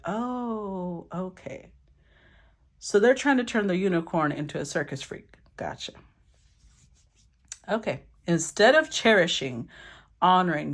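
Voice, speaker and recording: A woman giving a casual tarot reading, talking in an animated, blunt way and swearing casually. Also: low voice, slightly rough. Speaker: tarot reader.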